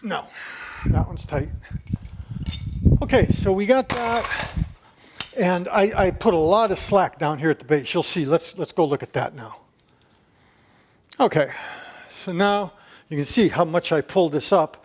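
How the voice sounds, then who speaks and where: This man's voice is high-pitched and lively in intonation, moving at a measured pace with frequent pauses. He's a DIY video maker demonstrating a repair in his home gym, chatting away and muttering to himself while he works.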